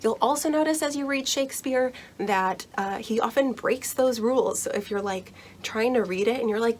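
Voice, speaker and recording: A woman's voice: on the high side, normal speed, few pauses, slight background noise. A young woman casually explaining how to read Shakespeare in a chatty, reassuring way, full of fillers and little laughs. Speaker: book vlogger explaining Shakespeare.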